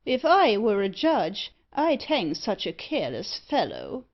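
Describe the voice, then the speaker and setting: Brief: irate sour gent, read by a woman, loud and raised, lo-fi audiobook. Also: mid-range voice, huge pitch swings, a little slow, exaggerated voice. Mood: furious. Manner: shouting angrily. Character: furious sour middle-aged gentleman.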